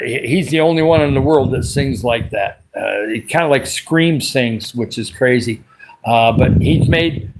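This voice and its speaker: A man hosting a casual livestream, his throat dry and raspy, rambling along and greeting viewers by name as he reads their comments. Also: mid-range voice, background noise. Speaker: livestream host.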